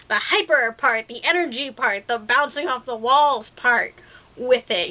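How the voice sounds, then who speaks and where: A woman's voice: on the high side, sharp tone. A young woman vlogging to her viewers, chatty and rambling, laughing often. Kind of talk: casual talk to camera.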